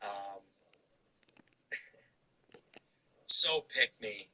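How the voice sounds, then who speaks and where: A man's voice: fairly low pitch, expressive, drawn-out words, bright, forceful tone, far from the mic, rough recording. A man hosting a livestream, talking in a blunt, sardonic way with laughing asides. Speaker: livestream host. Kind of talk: casual livestream commentary.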